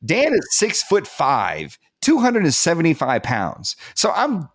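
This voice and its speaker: A man as a podcast guest telling a personal story candidly, acting out what others said and turning soft and subdued as it gets emotional. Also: on the high side, a little slow, breathy edge. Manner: animated, acts out quoted dialogue, laughs at himself.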